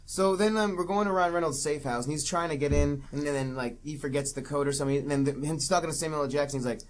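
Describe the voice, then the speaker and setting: A man's voice: a little high, fast talker. A man co-hosting a casual movie review podcast, rambling and swearing as he recaps scenes, laughing often. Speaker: podcast co-host.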